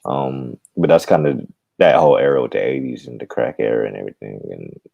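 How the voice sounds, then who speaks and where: A man's voice: rumbling low, a little fast, creaky, warm tone, breathy edge, dry recording, muffled recording. A man talking as a podcast guest in casual chat, rambling and digressive.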